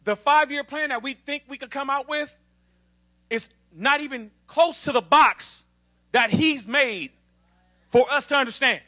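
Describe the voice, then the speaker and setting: A man preaching an emphatic sermon to a congregation, calling for responses from the pews and building up to shouting. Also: extremely high pitch, a little slow. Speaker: assistant minister.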